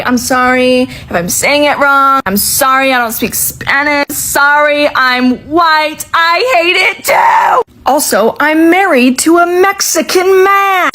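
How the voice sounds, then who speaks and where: A woman's voice: sits high, a bit bright, poor audio. A woman talking casually to camera, exasperated and blunt, swearing freely.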